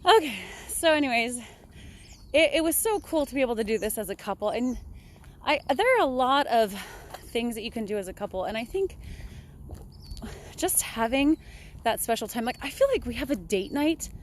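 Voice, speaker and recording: A woman's voice: fairly high pitch, sing-song, normal speed, long pauses, a little hiss or hum. A young woman talking casually and upbeat in a motivational vlog, chatting while walking outdoors. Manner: chatty, upbeat, laughs often. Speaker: vlogger.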